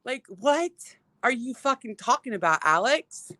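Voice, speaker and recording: A woman talks into her phone outdoors, hosting a casual livestream and firing off exasperated, profane complaints full of fillers and restarts. Her voice is bright and forward. The sound is dry and close, with little room around it. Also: fairly high pitch, sing-song, measured pace, dry recording, rough recording. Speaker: livestream host. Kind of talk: casual livestream rant, greeting viewers.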